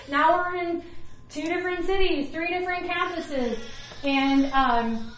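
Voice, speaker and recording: Woman preaching, high voice, lively and conversational, acts out quotes, very echoey room, mic far off. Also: normal speed. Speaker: ministry leader preaching. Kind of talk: sermon.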